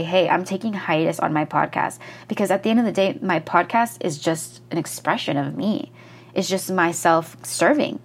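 Candid young woman with a husky voice. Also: fairly low pitch. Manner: candid, gushing, swears for emphasis, rambling restarts. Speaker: podcast host and life coach. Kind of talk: casual solo monologue.

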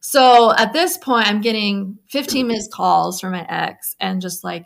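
A woman with a creaky, gravelly edge recounts her experience in a candid interview. She talks loosely, with frequent fillers and restarts. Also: mid-range voice, unhurried, hardly any pauses, fairly bright tone. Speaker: guest recounting a personal story.

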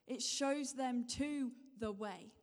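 A woman preaches to her congregation, circling back to her points again and again and asking them questions as she goes. Her voice sits a little high. The sound rings out with the long reverb of a large hall. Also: slow. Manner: repetitive, encouraging, asks the congregation questions. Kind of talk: sermon.

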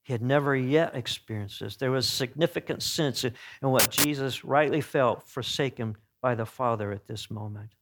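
A man preaching an earnest sermon. He swings between emphatic peaks and hushed, solemn passages, and often corrects himself mid-phrase. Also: mid-range voice, moderate pace, few pauses. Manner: frequent self-corrections and restarts.

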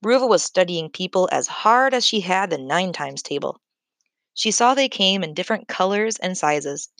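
A woman narrating a children's book in a measured, clear storytelling manner. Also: lowish voice, dry recording. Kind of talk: scripted audiobook narration.

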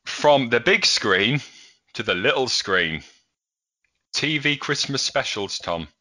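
A young man co-hosts a podcast in a mid-range voice, animated yet slow, with a sharp edge to his tone. He chats casually, laughing as he retells scenes.

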